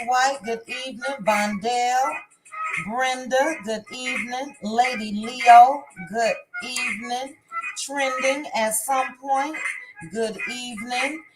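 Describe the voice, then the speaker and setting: Woman hosting a live chat, talks slow, music going in the background. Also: a little high, low-quality recording. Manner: reads viewer comments and greets viewers by name. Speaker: livestream host. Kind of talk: casual livestream chat. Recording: music playing behind the voice.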